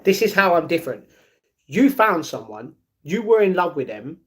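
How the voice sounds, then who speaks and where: A man's voice: on the high side, sing-song, moderate pace, fairly bright tone. Downcast forty-year-old man. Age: 40s. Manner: downcast, blunt, reads chat messages aloud and answers them. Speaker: livestreamer reading chat. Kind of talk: casual livestream chat.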